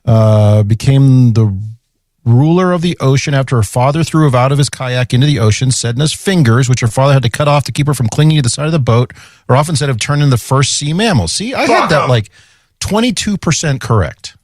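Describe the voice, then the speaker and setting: Male podcast co-host, lively pitch, dry close mic, chatty and wry. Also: a little fast, no room sound. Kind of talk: casual chat.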